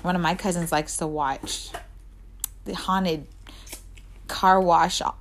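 A woman's voice: slow pace, creaky, noisy background. A woman co-hosting a casual chat podcast, telling stories animatedly and acting out quotes, sometimes dropping to a near whisper for asides. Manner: animated storytelling, acts out quotes with big pitch jumps and laughter. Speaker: podcast co-host.

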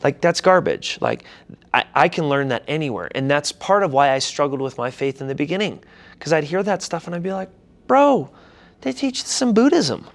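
A young pastor tells his story in a relaxed interview, his voice edged with a gravelly fry. He talks in an animated, slangy way and acts out his own past reactions as he goes. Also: on the high side, brisk. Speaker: pastor and church founder.

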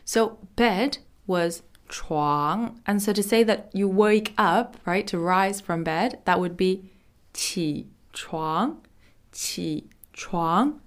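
A woman teaching Mandarin in a lesson podcast, explaining chatty and repeating words slowly and clearly. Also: mid-range voice.

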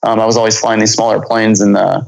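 A man in his thirties recounts his flying days in a relaxed interview, rushing through long rambling sentences. His voice has a gravelly, creaky edge, and he keeps stumbling over restarts and fillers. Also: fairly low pitch, rough recording. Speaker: pilot guest. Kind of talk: casual storytelling interview.

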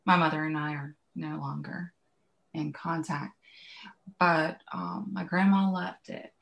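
A woman's voice: low-pitched, steady tone, unhurried, creaky, highs cut off. A woman in her late fifties with a Southern US accent, a podcast guest speaking candidly in a casual interview. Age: 50s.

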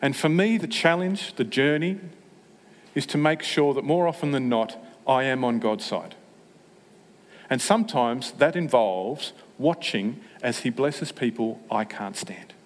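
Male preacher, middle pitch, jokey and self-deprecating, long hall echo. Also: a little slow. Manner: humorous, self-mocking, with animated asides. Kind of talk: sermon.

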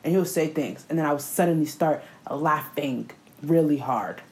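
A woman telling a story in a casual chat, profane and animated, often breaking into laughter. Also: sits low, normal speed, low-quality recording.

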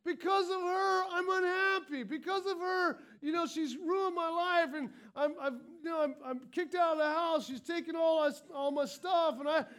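A man's voice: very high voice, fairly even intonation, normal speed, few pauses, a bit bright, voice pushed up. A man voicing a self-pitying grown man who blames others for his troubles, in a whiny, aggrieved way.

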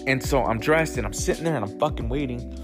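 A man in a middle-pitched voice tells his own story casually, full of swearing and loose "like" fillers. He stops and restarts his sentences as he goes. Music plays clearly underneath him. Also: fast. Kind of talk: casual first-person storytelling.

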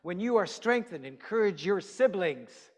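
A high-pitched male pastor gives an easygoing, conversational sermon, tossing questions to his listeners. His voice rings out with a long reverb in a church hall. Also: lively intonation, a little slow, darkish tone. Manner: chatty, asks the congregation questions.

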